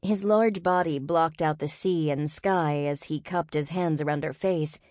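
A woman reads an audiobook with steady, expressive narration. Her voice is low, and the recording is dry and close, with no room around it. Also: a little slow, no echo. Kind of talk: scripted narration.

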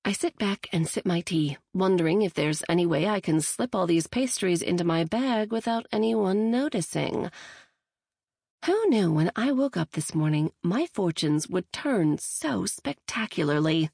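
A woman's voice: lowish voice, animated, measured pace, creaky, darkish tone, slightly rough, no echo, clean studio sound. Chatty woman audiobook narrator. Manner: chatty and self-deprecating. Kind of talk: first-person audiobook narration.

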